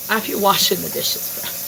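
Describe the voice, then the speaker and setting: A young woman streamer chats casually while doing dishes in her home kitchen, swearing freely and dropping in Spanish phrases; it's casual talk while cooking. Her mid-range voice is creaky, and there's noisy background sound.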